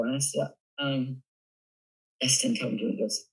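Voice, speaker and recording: A man with a Southern US accent, a guest telling funny stories in a giggly, animated way. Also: mid-range voice, fairly quick, breathy edge, low-quality recording. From Tennessee, USA. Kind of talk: casual storytelling interview.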